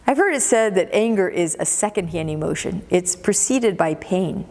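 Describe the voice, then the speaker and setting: A woman's voice: on the low side, animated, normal speed, a little mellow. A woman pastor preaching a sermon in a church, telling the story expressively and repeating words for emphasis. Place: church sanctuary. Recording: long church reverb.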